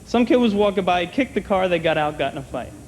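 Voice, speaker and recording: A man doing a stand-up comedy set on a comedy club stage, wry and conversational, slipping into quick voices for his bits. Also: sits high, expressive, darkish tone. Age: older than 30. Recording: long hall reverb, clear room noise, 1990 TV taping.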